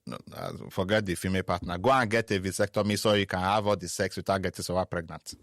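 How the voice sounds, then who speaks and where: A man with a Nigerian accent co-hosting a casual podcast chat, teasing and animated, slipping into pidgin. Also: low voice, quick pace, dry recording, clean studio sound. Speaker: podcast co-host.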